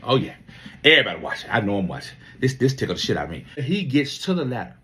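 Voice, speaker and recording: A man's voice: mid-range voice, very animated, fast, bright, forceful tone, a little hiss or hum. A man in his fifties, a Navy veteran, telling a story casually with a lot of profanity and repeated words. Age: 50s.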